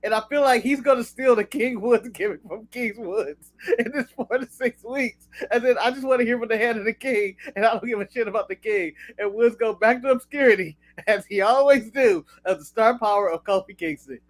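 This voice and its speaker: A high-pitched American man talks wrestling in a loose, blunt podcast chat. He swears freely and chuckles at his own jokes. The sound is dry and close. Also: a little fast, no room sound. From United States. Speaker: podcast co-host.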